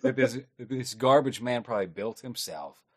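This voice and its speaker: A man's voice: medium pitch, moderate pace, darkish tone, slightly rough. A man chatting casually on a podcast, recapping a movie's plot in a rambling, wry way with frequent swearing. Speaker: podcast co-host. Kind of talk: casual chat recapping a film.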